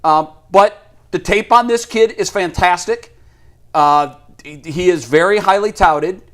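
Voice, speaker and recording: A man's voice: high voice, measured pace, a bit bright. A man co-hosting a casual sports talk show, giving firm opinions and laughing at his own points. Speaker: sports radio co-host.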